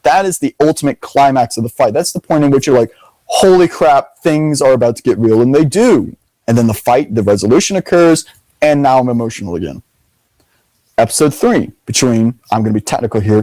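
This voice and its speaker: A young man hosting a casual debate, talking in an animated, emphatic way and leaning on the word "literally". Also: medium pitch, no echo, poor audio. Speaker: video host.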